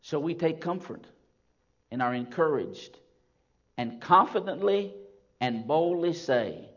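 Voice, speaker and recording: Male pastor, sermon, slow deliberate delivery, slightly high voice, dull lo-fi recording. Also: expressive. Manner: slow, emphatic preaching with swings from loud declaration to soft reflection.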